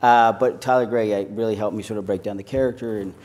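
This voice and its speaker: A young adult man with an Irish accent, an actor chatting on a panel stage and telling jokey, animated stories. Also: lowish voice, fast. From Ireland. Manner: lively storyteller, jokey and animated. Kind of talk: casual panel chat. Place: panel stage at a screening venue.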